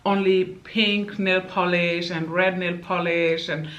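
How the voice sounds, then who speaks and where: A woman's voice: lowish voice, fairly even intonation, takes it slowly, fairly bright tone. A woman vlogger ranting in a sassy, emphatic way, peppering her talk with "okay" and "like". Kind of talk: casual opinion rant.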